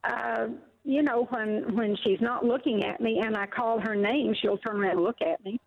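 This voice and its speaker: A woman's voice: a little high, steady tone, normal speed, vocal fry. A woman calling in to a radio show, polite and a little hesitant as she asks her question. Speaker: caller. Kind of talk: phone-in question. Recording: tinny phone line.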